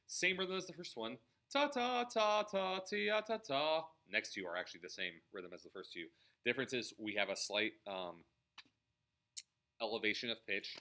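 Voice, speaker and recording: Man, music teacher, trumpet lesson, very bright tone, lively up-and-down pitch, sings rhythms between remarks. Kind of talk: instrument practice lesson. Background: trumpet playing.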